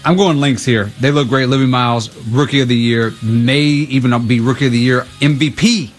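A man's voice: mid-range voice, fairly even intonation, normal speed, soft background music. A man guesting on a sports radio show, making easygoing picks in casual chat. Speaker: radio guest picking games.

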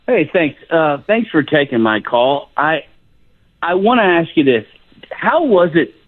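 A man's voice: on the high side, sing-song, measured pace. A man, calling into a sports radio show and ranting indignantly at the hosts. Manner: heckling, taunting, indignant. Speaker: caller. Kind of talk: sports radio call-in rant. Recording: phone line.

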